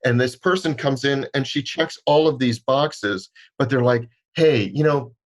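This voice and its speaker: A man's voice: mid-range voice, normal speed. A man co-hosting a podcast, telling stories in a wry, joking casual chat. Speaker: podcast co-host.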